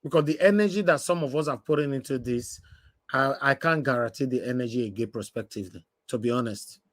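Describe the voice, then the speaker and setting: A man's voice: mid-range voice, brisk, dry recording. A man with a Nigerian accent hosting an online panel talk, chatty and repeating phrases for emphasis, now and then slipping into pidgin. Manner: animated, repeats himself for emphasis, slips into pidgin. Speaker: host of an online panel show. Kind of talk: casual live-stream talk.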